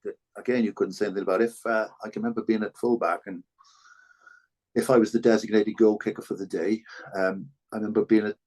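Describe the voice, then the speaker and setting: An older man, a former rugby player speaking as a podcast guest, telling stories in a halting, earnest way with many restarts. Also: fairly low pitch, little pitch movement, a little mellow. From Wales. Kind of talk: reflective conversational storytelling.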